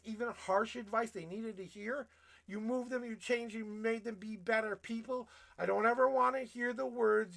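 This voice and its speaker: A man giving a blunt, profane tarot reading on a livestream, preaching at his viewers and working himself up to yelling. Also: high voice, creaky. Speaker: tarot reader.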